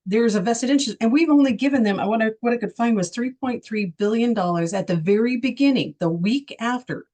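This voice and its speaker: A woman's voice: medium pitch, a little mellow. Woman from Texas, emphatic talk-show co-host, rhetorical questions, casual political chat.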